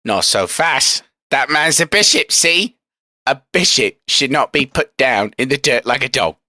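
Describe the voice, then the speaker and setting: A man's voice: medium pitch, animated, a little slow, bright, forceful tone, dry recording, clean studio sound. A man voicing a scheming, menacing Roman senator in a Cockney accent for a comedic audio drama. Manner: theatrical, with sudden outbursts.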